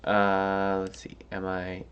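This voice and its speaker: A man's voice: low voice, monotone, slow pace, a bit bright, clear, resonant tone, dull audio. A tired man thinking aloud as he works through a coding puzzle, hesitant and musing, with many fillers and restarts. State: tired, yawning. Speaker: coding tutorial host.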